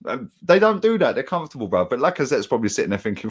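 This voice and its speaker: Animated man ranting about football. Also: medium pitch, very fast, few pauses, slight background noise. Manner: animated, heated, swears, slangy. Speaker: football fan channel co-host. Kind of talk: casual football chat.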